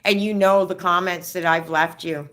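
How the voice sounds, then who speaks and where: A woman's voice: lowish voice, steady tone, normal speed, a bit bright. A woman chatting casually on a live stream, reading viewer comments off her phone, rambling and stammering through restarts.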